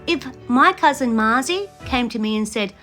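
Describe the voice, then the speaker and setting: A woman's voice: fairly high pitch, expressive, normal speed, fairly bright tone, faint music behind. A woman giving casual, opinionated reaction commentary on a reality show, laughing often and acting out what she would say.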